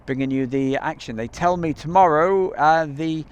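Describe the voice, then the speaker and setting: A man's voice: on the high side, moderate pace, clean tone. A man hosting a casual live stream outdoors near an airbase, chatting in a rambling way with many ums and uhs, recorded on a camcorder mic.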